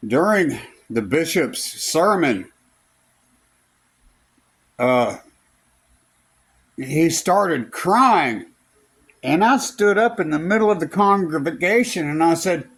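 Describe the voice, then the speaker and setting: A man's voice: on the high side, lively intonation, takes it slowly, pauses often, a bit bright, slightly rough, no room sound. A man telling a rambling personal story in a casual vlog, full of fillers and restarts, recorded in a car. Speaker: vlogger.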